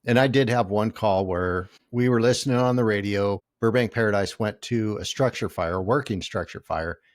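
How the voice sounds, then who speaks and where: Low-voiced man hosting a casual interview. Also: moderate pace, dry recording, studio quality. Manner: friendly, curious, conversational. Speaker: podcast host, firefighter.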